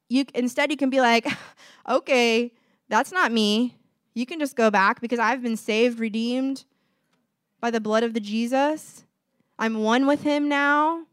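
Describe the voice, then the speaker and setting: A woman preaching in a casual, heartfelt way, her voice a little higher than most. She talks straight to her listeners and slips into quick quoted exchanges. The sound is dry and close, with no room echo. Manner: conversational, earnest, quotes voices in dialogue. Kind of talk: informal sermon.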